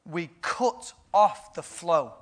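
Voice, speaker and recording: Guy preaching a sermon, highish voice, jokey and laughing a lot. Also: animated, slow. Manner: playful, laughs often, builds to loud bursts.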